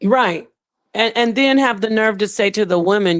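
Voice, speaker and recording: A woman's voice: mid-range voice, moderate pace, no echo. A woman hosting a casual livestream, talking in an emphatic, scolding way. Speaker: livestream host.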